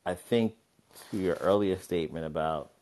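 A man co-hosting a podcast in casual chat, animated and laughing often, slipping into playful voices. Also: sits low, moderate pace. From Philadelphia. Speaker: podcast co-host.

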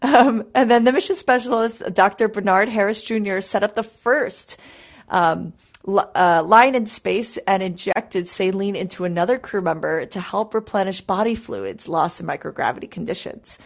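A woman's voice: medium pitch, normal speed, gravelly. A young woman hosting a live space podcast, talking casually and upbeat with plenty of fillers. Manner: chatty, upbeat, many fillers. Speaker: podcast host.

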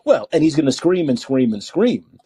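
A man's voice: fairly high pitch, very animated, moderate pace, mellow, slightly rough, no room sound. An older man hosting a political call-in podcast, talking in a sarcastic, exasperated way and repeating himself for emphasis. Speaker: podcast host.

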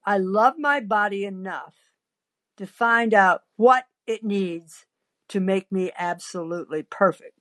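A woman's voice: mid-range voice, a little slow, a bit bright, no echo, close to an everyday voice. A woman voicing a fussy, health-obsessed 23-year-old woman, earnest and dramatic, quoted in a story. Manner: earnest and dramatic, shrieks when upset.

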